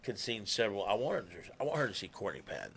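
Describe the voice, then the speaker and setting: A man's voice: fairly low pitch, very animated, quick pace, vocal fry, fairly bright tone, slightly rough. A middle-aged man, telling stories in a chatty, laughing, drawling way. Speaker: guest musician. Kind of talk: casual storytelling.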